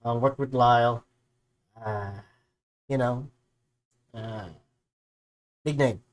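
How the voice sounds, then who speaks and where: A man's voice: mid-range voice, fairly even intonation, slow. Rambling young streamer guy. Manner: rambling, with many fillers. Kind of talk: casual reaction chat.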